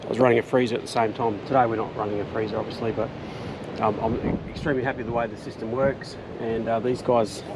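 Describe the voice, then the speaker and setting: A man's voice: mid-range voice, level tone, quick pace, noisy background. Laid-back Australian man at a beach camp. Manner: laid-back, chatty, full of Aussie slang. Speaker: camping vlogger. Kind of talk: casual outdoor vlog chat. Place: beach campsite outdoors.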